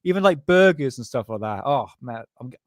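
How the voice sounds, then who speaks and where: Brief: male streamer, stoned and rambling, mid-pitched, dry close sound. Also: lively intonation, brisk, no room sound. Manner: rambling, chatty, swears and laughs often. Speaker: live stream host. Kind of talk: casual live-stream chat.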